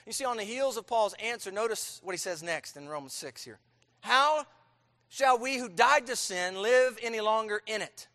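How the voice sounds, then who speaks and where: Emphatic high-voiced preacher in a reverberant hall. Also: male voice, expressive, normal speed. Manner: emphatic preaching with rhetorical questions and forceful outbursts. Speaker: pastor. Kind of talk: sermon.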